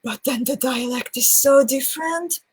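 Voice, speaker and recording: A woman hosts a live crafting stream in a relaxed, chatty way, working through viewer comments one by one. Her voice sits a little high and has a soft, breathy edge. She takes her time and laughs easily between the names she reads. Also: normal speed, poor audio. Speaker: host of live beading sessions. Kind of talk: casual livestream chat.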